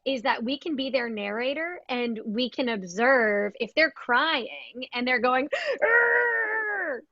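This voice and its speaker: A woman's voice: a little high, unhurried. A young adult woman, a guest music therapist, explaining her methods in a casual interview, full of "like" and "um". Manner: explanatory, fillers like "like" and "um". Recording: dry, dull lo-fi sound.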